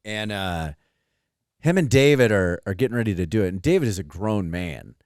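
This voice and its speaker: Male podcast co-host, swears freely, animated storyteller, dry room. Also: lowish voice, normal speed, clean tone, dry recording. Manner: animated, profane, acts out quoted voices. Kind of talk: casual chat, storytelling.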